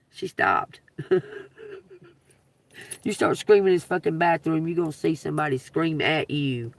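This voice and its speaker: A woman with a gravelly, creaky edge holds forth on a phone livestream. She tells her story in an animated, emphatic way, swearing freely. The sound is close and dry. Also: deep voice, normal speed, pauses often, dry recording. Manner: animated, profane, emphatic retelling with laughs. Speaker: livestreaming tarot reader.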